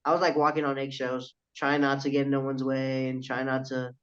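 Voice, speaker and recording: A man's voice: mid-range voice, a little fast, clear, resonant tone. A young man, a wrestler guest on a casual podcast, telling a story with lots of swearing and quoted dialogue. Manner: animated storyteller, swears freely, quotes others in his story. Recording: dull lo-fi audio.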